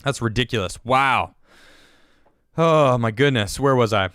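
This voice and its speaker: A US show host streams heated political commentary in a clear, resonant, medium-pitched voice, slightly slow and fairly bright. The studio-quality recording is dry, and he stammers, restarts, and repeats his words.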